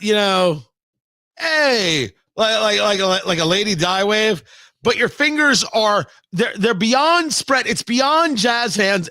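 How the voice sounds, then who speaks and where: High, bright-voiced sarcastic male talk host. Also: no room sound, studio quality. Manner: sarcastic, mocking, emphatic. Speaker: radio talk show host. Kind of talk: opinion commentary monologue. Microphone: studio microphone, live-streamed show.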